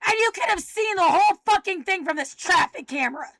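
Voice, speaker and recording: A woman with a very high, piercing voice delivers an angry, profanity-laced rant. Her tone is bright and edgy, and she keeps erupting into shouts. The sound is dry with no room around it. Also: animated, fairly quick, dry recording. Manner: agitated, cursing, often shouting.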